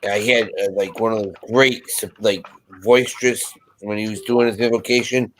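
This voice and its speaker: A man on a video call chatting casually, telling animated stories and acting out what people said. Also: fairly low pitch, moderate pace, a little hiss or hum. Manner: animated storyteller, acts out quotes. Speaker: panel guest. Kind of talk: casual chat.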